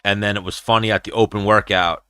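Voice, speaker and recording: Casting: brash young male host, lowish voice with a bright, forceful edge, dry close sound, profane rambling storyteller. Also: level tone, fast talker, clear, resonant tone, no room sound. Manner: profane, rambling storyteller who slips into impressions. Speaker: show host. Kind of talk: casual livestream chat.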